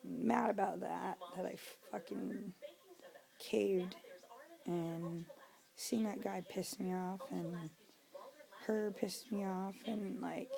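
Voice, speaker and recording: A woman's voice: medium pitch, fairly even intonation, slow, creaky, a crowd in the background, poor audio. A young woman venting in a casual vlog, drunk, swearing a lot and dropping to a whisper now and then, recorded indoors at home. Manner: venting, profane, drops to a whisper. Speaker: vlogger.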